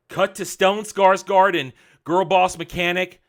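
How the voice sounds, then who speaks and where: A man ranting angrily in a show review, sarcastic and mocking, swinging from loud outbursts to low muttering. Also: very animated, normal speed, hardly any pauses.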